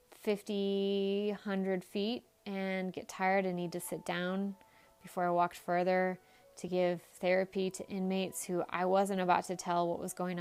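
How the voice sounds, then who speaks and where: Woman podcast host, psychologist, candid and emphatic storyteller, smooth clear tone. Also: on the low side. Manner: candid and emphatic, with blunt swearing.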